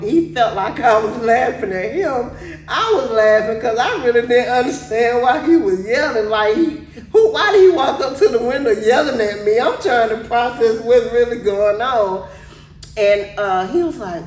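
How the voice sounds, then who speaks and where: Animated woman telling a funny story. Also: a little high, a little slow, distant mic. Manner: animated, laughs often while telling a story. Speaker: podcast co-host. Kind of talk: casual storytelling chat. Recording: echoey room, off-mic, faint noise.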